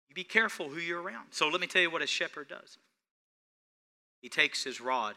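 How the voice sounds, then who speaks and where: A male pastor preaching a sermon, speaking straight to his congregation and swinging between hushed, tender passages and loud, rising ones. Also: sits high, big pitch swings, normal speed. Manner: repetitive, direct address to congregation.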